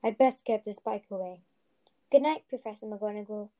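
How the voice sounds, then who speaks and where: A woman's voice: medium pitch, moderate pace, mellow, close to an everyday voice. A woman voicing a huge, shaggy, tender-hearted giant man who stammers through tears. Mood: muffled. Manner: sobbing, stammering.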